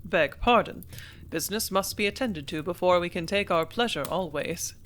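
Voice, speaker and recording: A reader voicing a calm company manager. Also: mid-range voice, normal speed, slight background noise, lightly acted. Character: business-minded company manager, man.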